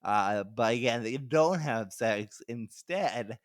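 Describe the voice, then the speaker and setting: A young adult male comedian, a guest on a podcast, tells a story in a loose, rambling way, swearing and laughing mid-sentence. His medium-pitched voice is animated and slow, and the recording is dry.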